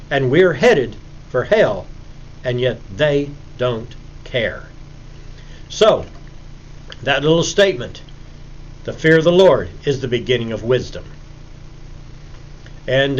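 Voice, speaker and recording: Animated preacherly man lecturing. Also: a little high, highs cut off, slight background noise. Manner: preacherly, acts out anecdotes with sudden loud emphasis. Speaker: Bible lecturer. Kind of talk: recorded Bible lecture.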